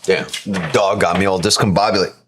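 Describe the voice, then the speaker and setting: A man's voice: sits low, fairly even intonation, a little fast, fairly bright tone, slight background noise. A man hosting a live stream from home, chatting casually, playful and teasing, swearing freely. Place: at home with kids and a dog.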